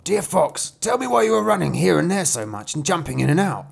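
A man's voice: fairly high pitch, big pitch swings, fairly quick, gravelly, breathy edge, pitched above the performer's own voice, full character voice. A man voicing a greedy, clumsy wolf who whines and makes demands. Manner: whiny and demanding.

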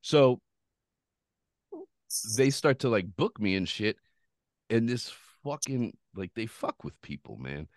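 A man's voice: mid-range voice, takes it slowly, long pauses, no room sound. A man hosting a podcast, telling a rambling, profane story in casual chat. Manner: profane, rambling, animated retelling. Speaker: podcast host.

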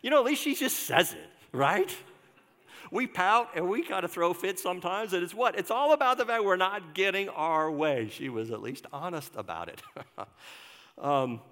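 A man's voice: high-pitched, lively intonation, normal speed, fairly bright tone, long reverb tail. An older man, a pastor, giving a conversational sermon and asking the congregation questions. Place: church sanctuary.

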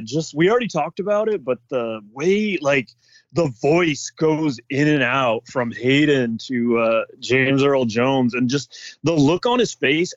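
A man co-hosting a casual fan chat, excitedly retelling scenes with lots of "like". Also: on the high side, dry recording. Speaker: podcast co-host. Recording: dull dry sound.

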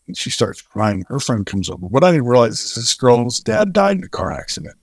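Animated man telling a mission story. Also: fairly quick, few pauses, breathy edge, dry recording, clean studio sound. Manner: animated, acts out quoted voices with big pitch jumps. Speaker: charity co-founder, guest. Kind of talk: storytelling in an interview.

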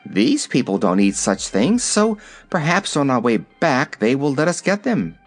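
A man's voice: mid-range voice, very animated, a little slow, faint music behind. A man reading aloud, voicing a plain-spoken farm boy in a direct way. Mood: earnest.

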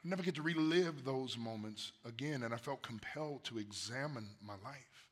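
A pastor, preaching a sermon, swinging from soft murmurs to loud emphatic bursts. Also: male voice, mid-range voice, normal speed, slightly rough. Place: church sanctuary.

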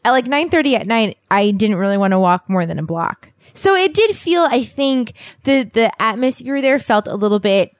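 A woman's voice: a little high, animated, moderate pace, hardly any pauses, dry recording. A young woman co-hosting a casual travel chat, teasing and laughing easily, with lots of "like". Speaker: travel podcast co-host.

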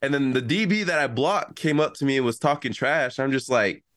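A man's voice: mid-range voice, brisk, a little hiss or hum. A young man, a college football player, telling in casual chat how a play went, acting out what people said. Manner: animated storytelling, acts out quotes.

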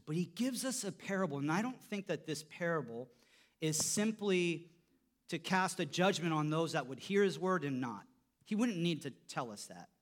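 A man preaching a sermon, telling a story, his voice dropping soft for quotes and rising when he stresses a point. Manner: storytelling, voice drops low for quoted lines and rises when emphatic. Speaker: pastor.

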